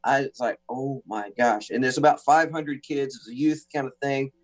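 A man from the United States, a guest on a talk show, telling an animated story with acted-out quotes and frequent restarts. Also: mid-range voice, a little fast. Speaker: guest musician.

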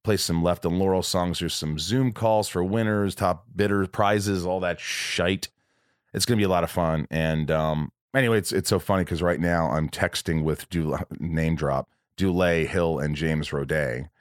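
Deep-voiced American man rambling. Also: steady tone, moderate pace, dry recording, studio quality. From United States. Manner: rambling, with many fillers and restarts. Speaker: podcast host. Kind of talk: casual podcast chat. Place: room at his home.

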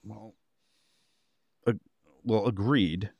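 A man's voice: on the low side, steady tone, extremely slow, creaky, darkish tone, dry recording. A man co-hosting a podcast who talks emphatically, pressing his argument in casual chat. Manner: emphatic, argues his point hard. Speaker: podcast co-host. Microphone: podcast microphone.

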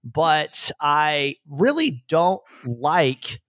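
A man's voice: on the high side, sing-song, very slow, a bit bright, no room sound, clean studio sound. A middle-aged man hosting a podcast, talking in a candid, rambling, self-deprecating way. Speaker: radio and podcast host. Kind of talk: casual conversational podcast chat.

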